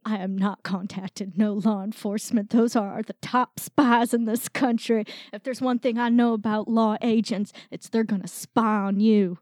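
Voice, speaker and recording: A woman's voice: mid-range voice, fairly even intonation, a little mellow, no echo, studio quality, lightly acted. A woman playing a paranoid, touchy guest on an advice show, blunt and defensive, in an improvised comedy. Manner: defensive, blunt, quick to take offense. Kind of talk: improvised comedy role-play.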